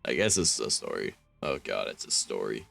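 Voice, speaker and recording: A man's voice: very deep voice, very animated, moderate pace, gravelly, fairly bright tone, soft background music. A man streaming, reading fanfiction aloud and rambling about it with wry, self-mocking asides.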